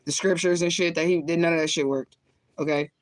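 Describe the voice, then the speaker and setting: A woman's voice: fairly low pitch, steady tone, a little fast, no echo. A woman chatting casually on her livestream, rambling and cursing, laughing often as she smokes between thoughts. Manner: talks while lighting and smoking. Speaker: spiritual reader on a livestream.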